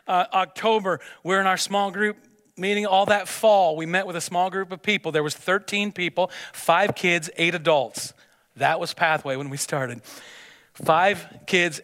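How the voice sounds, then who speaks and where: A pastor preaching a sermon, telling a story with stammered restarts and repeated words. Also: male voice, high voice, pushed and bright. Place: church sanctuary. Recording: long church hall reverb.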